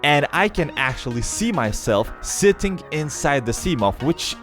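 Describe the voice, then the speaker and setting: A man's voice: on the high side, sing-song, a little slow, music in the background. A young man with a non-native English accent, giving game commentary and explaining step by step with many fillers. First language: not English. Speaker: gaming YouTuber.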